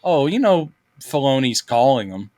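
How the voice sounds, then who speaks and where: A man's voice: medium pitch, sing-song, normal speed, dark tone, dry recording, clean studio sound. A middle-aged man co-hosting a casual podcast, telling stories animatedly and acting out quotes in different voices. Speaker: podcast co-host. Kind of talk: casual chat.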